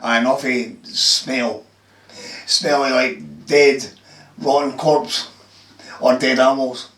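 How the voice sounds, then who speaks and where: A man's voice: medium pitch, steady tone, takes it slowly, a bit bright. A Scottish man recounting what he saw in brief, plain answers. He sits well back from the mic, so his voice reaches it from across the room. The room itself is echoey. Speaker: eyewitness guest. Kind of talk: casual interview. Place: in a house. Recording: roomy sound from a distance.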